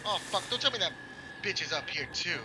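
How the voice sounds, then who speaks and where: With a high-pitched, expressive voice at a fairly quick pace, a man plays a horror game and comments casually, joking, reacting out loud and cursing a lot. He's a gaming YouTuber doing a Let's Play, with background noise audible.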